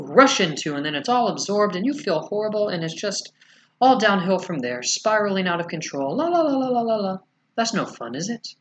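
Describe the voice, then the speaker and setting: A man channeling a spiritual message as a collective "we", speaking slowly and soothingly with gentle rhetorical questions. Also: high-pitched, a little hiss or hum. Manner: slow, soothing, rhetorical questions ending in "yes?".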